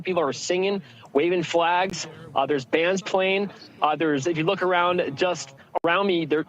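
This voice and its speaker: A male field correspondent giving a halting live report from outdoors among a packed crowd. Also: on the high side, lo-fi sound, slight background noise. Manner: halting, many fillers.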